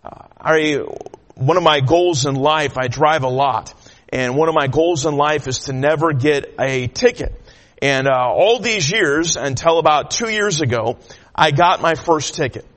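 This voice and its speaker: A man's voice: fairly high pitch, unhurried, a bit bright. A man preaching a sermon, telling a personal story in a folksy way with many filler sounds. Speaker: pastor. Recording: long hall reverb.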